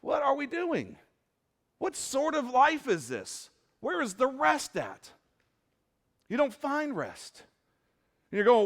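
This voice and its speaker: A man preaching a sermon to a church congregation, animated and asking the crowd questions, sometimes rising to loud exclamations. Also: sits high, unhurried. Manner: asks the congregation questions and waits for answers. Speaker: pastor. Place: church sanctuary before a congregation.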